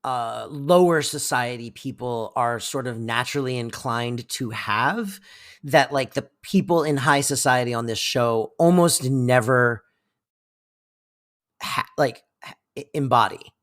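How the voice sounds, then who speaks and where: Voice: medium pitch, a little slow, a bit bright. A podcast co-host giving a thoughtful, rambling analysis of the show in casual chat. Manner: thoughtful, rambling, many fillers and restarts.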